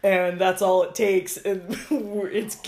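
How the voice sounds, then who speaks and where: A woman co-hosting a casual chat, reacting with quick jokes and asides. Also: mid-range voice, steady tone, darkish tone. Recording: echoey room.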